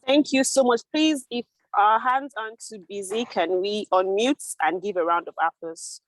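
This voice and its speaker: A woman hosting an online club meeting, upbeat and brisk as she moves the session along. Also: mid-range voice, dry recording, rough recording. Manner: upbeat, brisk emcee chatter. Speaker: meeting host. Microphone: computer mic on a video call.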